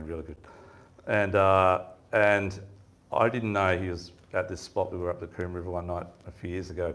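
A man with a low, slightly bright voice is running a fishing seminar in a room full of people. He tells meandering stories in a relaxed, chatty style and laughs a lot.

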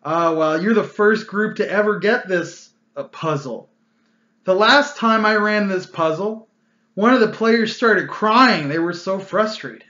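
A man's voice: high voice, measured pace, bright, forceful tone, pitched above the performer's own voice. A man mimicking a smug, boastful male game master, his tone mocking and self-satisfied, recorded in an echoey room with a dull, lo-fi sound. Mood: mock-sheepish.

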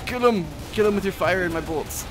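A young man casually commentating a shooter game, swearing and shouting at enemies as he plays. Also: sits high, quick pace, music in the background. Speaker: gameplay commentator. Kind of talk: casual gaming chat. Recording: game audio behind with clear gunfire noise.

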